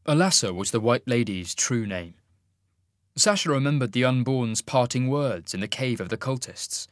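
A man narrating a fantasy audiobook with an expressive storytelling delivery. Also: medium pitch, moderate pace, no echo, studio quality.

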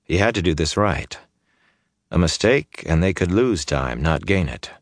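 A man narrating a fantasy novel in an even, measured reading on a close mic. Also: low-pitched, no echo. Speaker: audiobook narrator. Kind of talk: scripted narration.

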